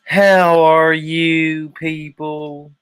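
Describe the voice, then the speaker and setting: A greedy, smooth-talking televangelist with a Southern accent, as a gravelly-voiced man puts him on. He draws every word out slowly and sweetly, pitched above his normal voice, in a dry, close sound. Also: flat delivery, fairly bright tone, dry recording. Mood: syrupy preaching. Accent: American Southern. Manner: slow, sugary, drawn-out sermon delivery. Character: smooth-talking male televangelist preacher begging for tithes. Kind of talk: parody of a televangelist.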